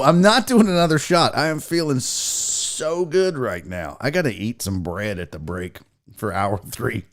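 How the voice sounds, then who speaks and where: A man hosting a sports talk livestream, a little drunk, joking loudly with his chat and swearing often. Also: medium pitch, lively intonation, unhurried. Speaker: sports talk show host.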